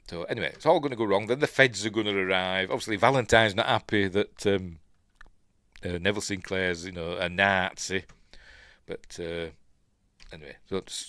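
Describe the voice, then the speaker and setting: A man's voice: on the low side, a bit bright, no room sound. A middle-aged man with a Yorkshire accent chatting casually through a film review, rambling with lots of fillers and chuckles. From Yorkshire, England.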